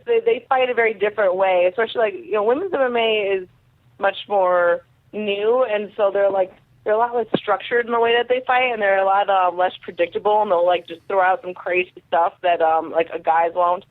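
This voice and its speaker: A young woman, a guest fighter, telling stories casually and haltingly, with many fillers and restarts. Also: mid-range voice, dry recording. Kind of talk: casual interview storytelling. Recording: tinny dry phone line.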